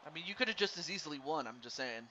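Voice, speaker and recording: A man doing live play-by-play commentary on a wrestling game for a stream, excitable and stumbling over his words while chatting with viewers. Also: a little high, very fast. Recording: dull lo-fi stream mic with faint noise.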